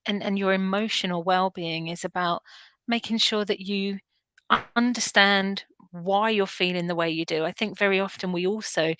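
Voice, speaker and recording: This is a woman talking in an earnest, animated way, often restarting her sentences and laughing at herself. Her voice sits in a middle pitch. The sound is dry and close, with no room echo. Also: moderate pace, smooth. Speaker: guest, veterinary nurse and canine behaviourist. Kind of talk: informal conversational interview.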